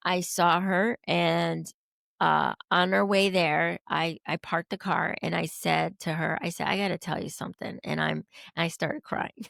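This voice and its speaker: Lower-pitched, gravelly woman telling a story. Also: a little slow, dry recording, clean studio sound. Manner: animated, acts out quoted dialogue. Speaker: podcast guest. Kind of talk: emotional personal storytelling.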